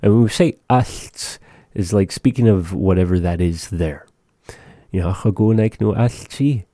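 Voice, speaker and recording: Male radio host, very deep and very dark voice, dry studio mic, patient phrase-by-phrase teaching. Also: no room sound. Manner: slow, careful repetition of phrases. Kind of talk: casual radio talk with language lesson.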